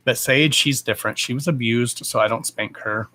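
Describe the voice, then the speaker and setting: Blunt, husky-voiced man chatting on a live stream. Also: medium pitch, moderate pace, few pauses, sharp tone. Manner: blunt and profane, talks to his dogs mid-stream. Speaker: live-stream host and dog owner. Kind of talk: casual live-stream chat.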